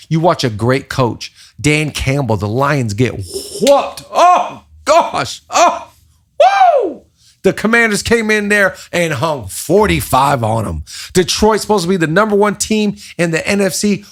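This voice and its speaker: Gravelly man with a preaching cadence. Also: on the high side. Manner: animated preaching cadence with repeated phrases. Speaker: podcast host, pastor. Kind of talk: casual leadership podcast talk.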